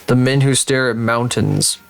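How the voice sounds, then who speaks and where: A man's voice: medium pitch, fairly even intonation, a little slow, creaky. Rambling, swearing man streaming a game. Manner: rambling, swearing, thinking aloud. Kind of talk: casual livestream commentary while playing a geography game.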